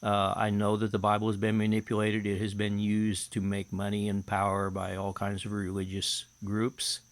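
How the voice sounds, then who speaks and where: A man's voice: lowish voice, completely flat delivery, moderate pace. A middle-aged man, a hypnotherapist, telling a personal story in a casual, matter-of-fact way while reading and translating from his notes.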